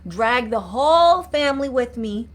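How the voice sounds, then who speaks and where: Earnest woman coach, slightly high voice. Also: lively intonation, measured pace. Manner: earnest, repetitive, asks viewers to comment. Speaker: mindset coach. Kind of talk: live-streamed motivational talk.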